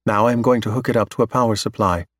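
A man voicing a calm, precise android scientist who speaks matter-of-factly. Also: fairly low pitch, rapid-fire, no echo, studio quality, lightly acted. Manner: completely calm, matter-of-fact.

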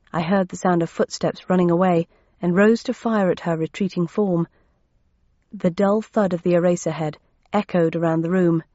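Low-voiced woman narrating a novel. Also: warm tone, no room sound. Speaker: audiobook narrator. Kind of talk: first-person novel narration. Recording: dull, dry lo-fi recording.

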